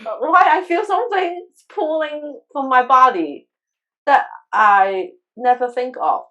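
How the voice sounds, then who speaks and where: Earnest, halting woman sharing a story. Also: high voice, lively intonation, a bit bright, lo-fi sound. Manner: earnest, emotional, halting with frequent restarts. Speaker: guest, crystal healer. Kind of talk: personal storytelling in a conversational interview.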